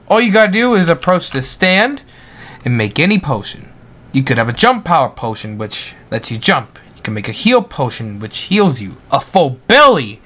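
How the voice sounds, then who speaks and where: Young guy rambling through a game tutorial, bright voice, swoopy pitch, kinda silly. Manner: goofy, rambling, excitable outbursts. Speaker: gaming YouTuber. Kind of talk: Roblox gameplay tutorial commentary.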